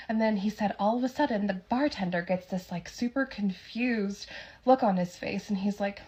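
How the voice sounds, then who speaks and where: A young woman narrating a spooky true story in a casual, animated, dramatic way. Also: mid-range voice, normal speed, muffled recording.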